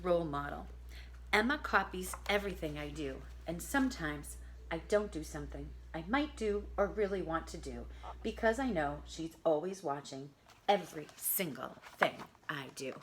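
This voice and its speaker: A woman reading a picture book of poems aloud to children, expressive and adding chatty asides to her listeners. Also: deep voice, normal speed, a little hiss or hum. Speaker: reader.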